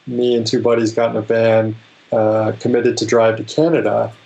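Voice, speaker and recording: A man speaking as a guest on an interview show, relaxed and rambling, with lots of fillers. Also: on the low side, normal speed, vocal fry, poor audio. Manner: relaxed, rambling, many fillers, laughs easily. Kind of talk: casual interview chat.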